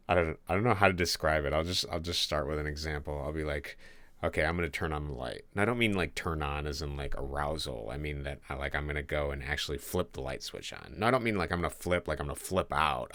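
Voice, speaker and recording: A man's voice: very deep voice, a bit bright. A man streaming as he codes a game, thinking aloud in a casual, rambling way and joking with his viewers. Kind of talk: casual live-stream talk while coding.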